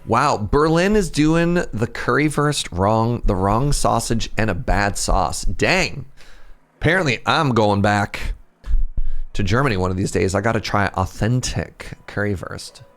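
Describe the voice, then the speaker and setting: A man's voice: lowish voice, animated, unhurried, a bit bright. A man with a Pacific Northwest Canadian accent, chatting casually and rambling as he answers viewer questions while playing a game on a live stream.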